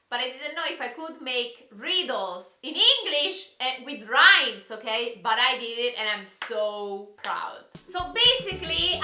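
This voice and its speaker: A woman's voice: fairly high pitch, bright, forceful tone, echoey room. A young woman with an Italian accent, a vlogger explaining a party game and reading riddles in an eager, bubbly way. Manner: bubbly, eager, often asks "okay?".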